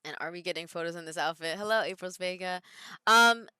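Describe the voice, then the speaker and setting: Chatty woman streamer, bright clear voice. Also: fairly low pitch, brisk, no room sound, clean studio sound. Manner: chatty, reads viewer comments aloud and answers them. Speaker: streamer and wrestler. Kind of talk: casual live-stream chat.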